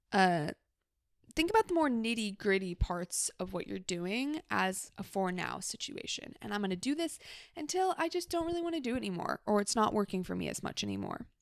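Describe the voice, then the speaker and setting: Young woman doing a solo advice podcast, kinda creaky vocal fry, super casual and reassuring, lots of "like"s, dry close sound. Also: mid-range voice, no echo. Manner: casual, reassuring, with many "like" fillers. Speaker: podcast host.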